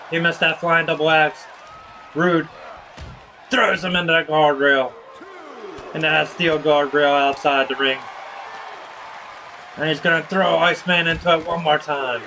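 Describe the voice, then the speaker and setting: A man's voice: a little high, pushed and bright, a little hiss or hum. A man streaming a wrestling video game, calling the action play-by-play with casual slang. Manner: casual, hypes viewers with slang.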